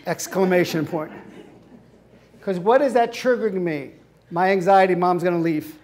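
A man teaching a class in an animated way, acting out scenes and laughing often. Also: sits high, moderate pace. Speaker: hypnotherapy instructor. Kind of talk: lecture with acted-out examples.

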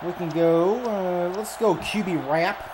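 A man's voice: high-pitched, slow, noisy background. A man giving casual, laid-back commentary on a video game, thinking aloud as he browses menus and plays.

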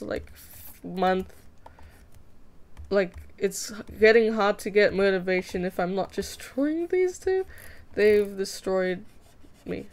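A woman's voice: medium pitch, a little mellow. Giggly young woman streamer chatting casually. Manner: playful, giggly, self-mocking, mock-dramatic. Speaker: streamer drawing fan art. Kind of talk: casual live-stream chat while drawing.

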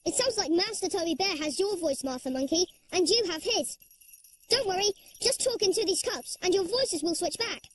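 Noddy, a high lively toy boy. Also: normal speed, slight background noise. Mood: upbeat. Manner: eager, bouncy and helpful. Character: cheerful young toy boy. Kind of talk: animated children's cartoon dialogue. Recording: music playing loudly underneath.

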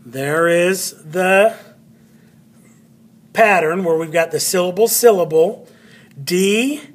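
A man teaching a phonics lesson at a board, repeating words and spelling them out letter by letter. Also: sits high. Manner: slow, drawn-out words, spelling letters aloud; repeats words to stress syllables.

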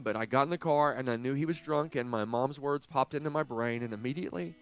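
A pastor in his forties preaching a sermon, telling a personal story with animated swings from hushed to loud. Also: mid-range voice, fast talker, hardly any pauses, smooth. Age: 40s. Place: church sanctuary.

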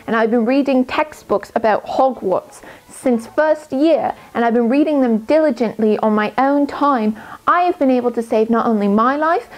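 A woman's voice: on the high side, close to an everyday voice, rough recording. A woman voicing an earnest, studious teenage girl witch in a put-on British accent, giving precise, lecturing advice.

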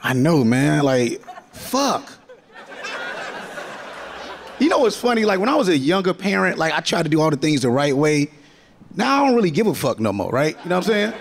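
A man's voice: on the high side, sing-song, normal speed, vocal fry, long pauses, slight background noise. A man in his forties doing stand-up on a theater stage, loose and profane, laughing through his lines. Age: 40s. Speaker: stand-up comedian. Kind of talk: stand-up comedy set.

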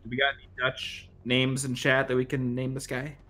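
A joking man banters on a live game stream, pitching silly ideas and reading chat messages aloud. His voice sits at an average pitch for a man. Faint music plays behind the chat. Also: completely flat delivery, normal speed, sharp tone. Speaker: streamer co-host. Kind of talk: casual live-stream chat over gameplay.

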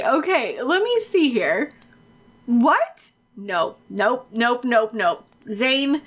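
A woman giving casual, excitable gameplay commentary on her own let's play, chatty and swearing freely. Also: a little high, drawn-out words.

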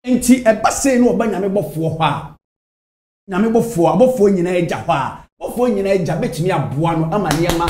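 A man from Ghana hosts an interview and asks measured, probing questions. His voice is fairly high. The room around him gives a noticeable echo. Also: lively intonation, darkish tone, a little hiss or hum.

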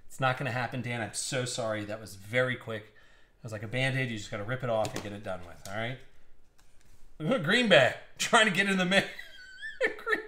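A man hosting a live card-break stream from a room at home, with excitable, teasing commentary and frequent laughs. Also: mid-range voice. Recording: roomy echo.

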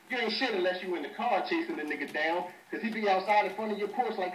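A man's voice: high voice, quick pace. A man talking loose, profane, dismissive smack between rap battle rounds over a voice chat mic. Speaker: battle rapper. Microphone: webcam chat mic. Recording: roomy distant webcam audio with faint hiss.

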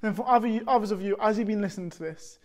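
A man's voice: sits high, fast talker. A young man giving a short earnest sermon, telling stories and acting out quotes in playful voices. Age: young adult. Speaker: youth speaker.

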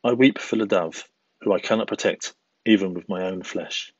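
A noble storybook king , read by a man, speaks quietly and firmly in a deep, husky voice. The sound is dry and slightly dull. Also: moderate pace, no room sound. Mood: calm. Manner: quiet, firm, gentle. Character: calm, kind, noble old-time king.

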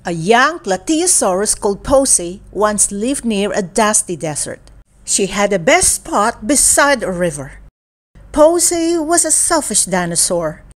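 A woman reading a children's picture book aloud in an expressive storytelling manner. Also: mid-range voice, faint music behind. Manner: slow, expressive and animated reading. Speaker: storybook reader.

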